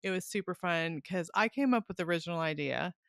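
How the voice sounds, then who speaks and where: A woman's voice: on the low side, quick pace, creaky, dry recording, studio quality. A middle-aged woman hosting a casual book chat, talkative and laughing often. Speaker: podcast host and author.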